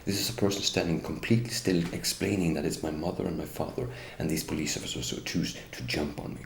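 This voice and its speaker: Indignant low gravelly man. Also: fast. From Norway. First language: Norwegian. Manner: indignant, bitter, addresses the police directly. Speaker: interviewee. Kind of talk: first-person account. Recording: roomy echo with faint ambience.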